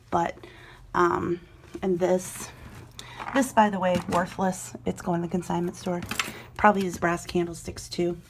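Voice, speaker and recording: Slightly out of breath, a middle-aged woman talks through a casual home vlog, musing aloud over things she sells online. She has a medium-pitched, darkish voice, and there's a bit of background noise.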